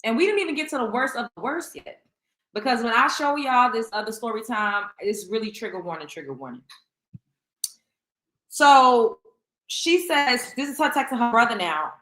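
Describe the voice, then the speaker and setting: A woman's voice: on the high side, expressive, normal speed, fairly bright tone. A woman hosting a commentary show, reading out text messages and reacting bluntly with profanity. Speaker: host. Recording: echoey room.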